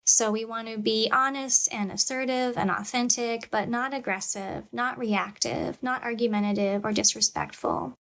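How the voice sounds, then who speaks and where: A woman and parent giving a calm, measured lecture on parenting, acting out what a parent might say. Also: fairly high pitch. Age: adult parent. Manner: calm, measured, demonstrates parent scripts aloud.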